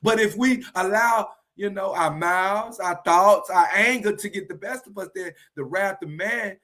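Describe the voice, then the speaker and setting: Man, high voice, earnest livestream Bible teaching, repeats phrases slowly. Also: pushed and bright.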